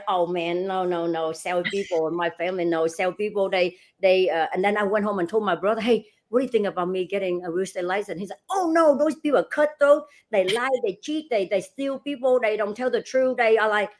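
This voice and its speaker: A middle-aged woman guest telling lively stories in an interview. She acts out the dialogue, laughs often, and speaks with non-native grammar. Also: medium pitch. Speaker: real estate broker and franchise owner, guest. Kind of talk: animated storytelling in an interview.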